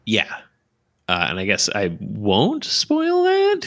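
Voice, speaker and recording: Young male co-host, loose rambling chat, low voice, dry room. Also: huge pitch swings, takes it slowly, a bit bright, dry recording. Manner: rambling, laughs a lot, swears freely. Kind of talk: casual chat.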